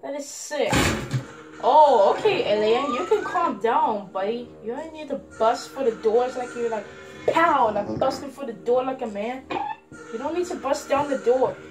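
A woman hosting a casual reaction video on a headset, chatty and excitable, talking back at the screen. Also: sits high, moderate pace, rough recording. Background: music from the video being watched.

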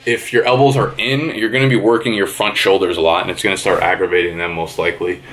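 A young man in his twenties with a fairly low voice talks straight to his handheld camera. His delivery is loose and chatty, with offhand swearing, like a casual daily vlog. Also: fairly even intonation, fast talker, a bit bright. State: out of breath after a workout. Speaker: vlogger. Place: gym and home, indoors.

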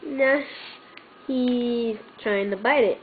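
A woman talks slowly to her cat in a high voice, coaxing it and meowing at it. Her words unhurried and drawn out. The audio is tinny and thin, like a cheap camera recording, with a faint hiss underneath. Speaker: vlogger. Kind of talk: casual home video talking to a cat. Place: at home indoors.

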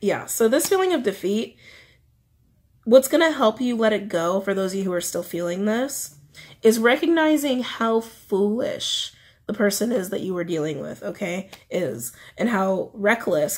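A woman's voice: mid-range voice, animated, moderate pace, breathy edge. A woman giving a casual tarot reading, chatty, often repeating her phrases. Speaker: tarot reader.

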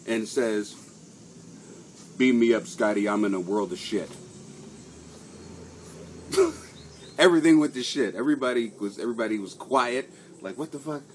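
A man's voice: mid-range voice, slight background noise. A man who is a comedian, chatting casually to viewers on a live stream, rambling, swearing and laughing through his stories. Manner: rambling, profane, laughing storyteller.

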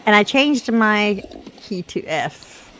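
Slow-talking Southern woman, stuffy sinuses. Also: mid-range voice, animated, fairly bright tone, slight background noise. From Southern United States. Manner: chatty, rambling, self-deprecating with fillers. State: congested sinuses, rough voice. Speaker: gaming channel host. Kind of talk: casual gameplay commentary.

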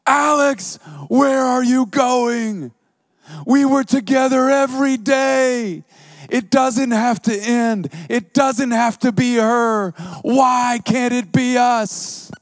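A man's voice: very high-pitched, fairly even intonation, slow, no room sound, studio quality, pitched above the performer's own voice, heavily acted. A man voicing a heartbroken young woman who screams and pleads desperately at her leaving boyfriend.

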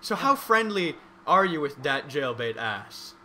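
A man's voice: fairly high pitch, very animated, a little slow, bright, forceful tone, slight background noise. A young man co-hosting a casual podcast, mocking his friends and laughing a lot. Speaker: podcast co-host. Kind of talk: casual teasing banter.

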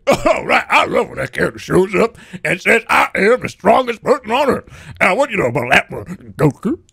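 A man voicing a boastful adult anime strongman in a loud, goofy, rambling way. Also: high voice, big pitch swings, normal speed, vocal fry, slightly rough, pitched above the performer's own voice, heavily acted.

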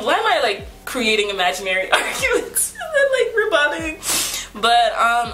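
In a casual to-camera chat, a young book vlogger talks about books, rambling through lots of fillers and poking fun at herself. Her voice is a little high, bright and pushed. Faint background music plays under a roomy echo.

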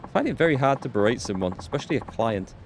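A man reading the lines of a timid, gentle young woman who works as a dominatrix, aloud from game subtitles in a soft, apologetic way. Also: mid-range voice, sing-song, quick pace, slight background noise. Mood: meek.

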